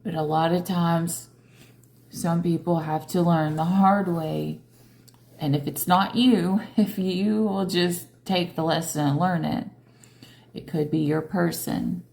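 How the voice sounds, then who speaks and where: A woman's voice: on the low side, fairly even intonation, creaky, darkish tone. A woman giving a tarot reading in a casual, conversational way, tired and yawning as she talks to her viewers. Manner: slow, conversational, coaxing questions to viewers. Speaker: tarot reader.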